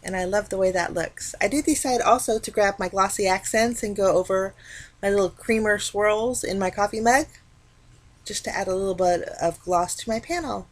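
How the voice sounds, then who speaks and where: A woman talking casually through a card-making tutorial, explaining each step in a relaxed, chatty way. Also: mid-range voice, moderate pace. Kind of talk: casual craft tutorial narration.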